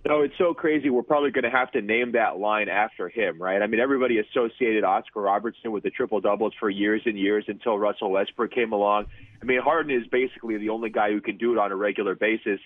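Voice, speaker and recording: A man's voice: fairly low pitch, fast talker, no room sound. A man who writes about basketball, joining a radio interview and giving eager, analytical answers. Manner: enthusiastic, analytical. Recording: phone line.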